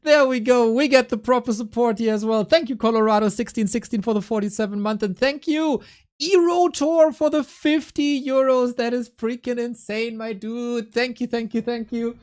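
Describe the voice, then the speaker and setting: A man's voice: very high voice, little pitch movement, fairly quick, hardly any pauses, clean tone. Playful male esports stream caster. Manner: playful, teasing banter. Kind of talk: live esports stream casting.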